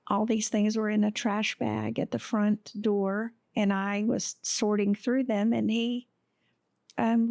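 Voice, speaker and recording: A woman recounting her own story as an interview guest. She speaks slowly and haltingly, pausing often. Her voice is gravelly and dark, and the sound is dry and close. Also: fairly high pitch, no echo. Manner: halting and emotional, with many pauses and fillers. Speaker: podcast guest. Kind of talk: telling a personal story in an interview.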